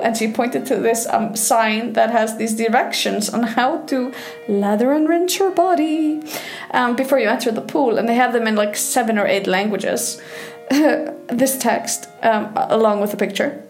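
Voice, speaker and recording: Give me a chatty woman with a gravelly, slightly high voice, telling stories into a phone headset. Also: normal speed, faint music behind. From Iceland. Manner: chatty, laughing, many fillers. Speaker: sexologist. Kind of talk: casual storytelling monologue. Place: at home in her bathtub.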